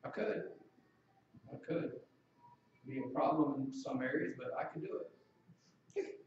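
A man's voice: mid-range voice, a little slow, a little mellow, heavy reverb, recorded from a distance, dull audio, a little hiss or hum. A man preaching a sermon in a conversational way, asking the congregation questions.

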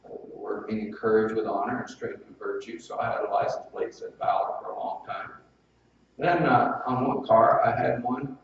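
A man's voice: fairly low pitch, steady tone, moderate pace, gravelly, slight background noise. A male preacher delivering a sermon in a folksy, conversational way, with personal stories and asides. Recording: very echoey, distant, dull hall sound.

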